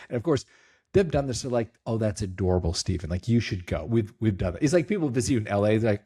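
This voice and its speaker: A middle-aged company CEO, interviewed as a guest, tells stories casually in a fairly low, husky voice at a quick pace. He's a lively storyteller who acts out quotes and laughs easily.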